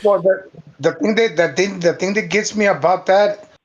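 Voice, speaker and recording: A man calling in to a podcast, giving halting but emphatic opinions in casual chat. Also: high voice, muffled recording. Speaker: caller.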